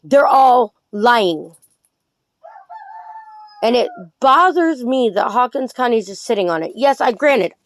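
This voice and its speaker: A woman's voice: a little high, animated, fairly quick, few pauses, no room sound. Outspoken woman vlogger, emphatic. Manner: outspoken and emphatic, repeating points; sweet baby talk when calling her chickens. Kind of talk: casual to-camera commentary.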